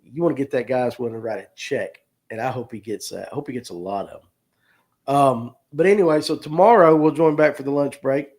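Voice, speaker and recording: A man's voice: mid-range voice, a little fast, darkish tone. A man hosting a casual fishing livestream, joking with viewers and reading comments aloud. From North Georgia, US. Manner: folksy, joking, talks to viewers by name. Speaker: host of a fishing livestream show.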